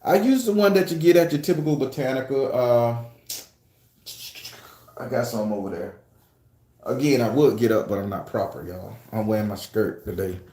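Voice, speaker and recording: A man chats on a livestream from a room at home, swearing freely and joking as he reads out viewer comments. His voice is mellow and warm, and the room adds a noticeable echo. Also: mid-range voice, expressive, moderate pace, long pauses. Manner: loose, profane, joking storytelling. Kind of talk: casual livestream chat.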